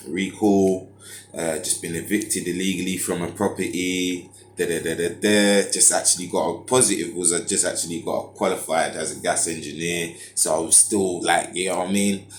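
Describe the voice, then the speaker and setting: A low-voiced man recounts a personal story in loose, slang-heavy talk. He drifts between points and fills gaps with filler sounds. The recording has a strong echo from the room around him. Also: steady tone, normal speed, a little hiss or hum. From United Kingdom. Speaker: vlogger. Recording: echoey room.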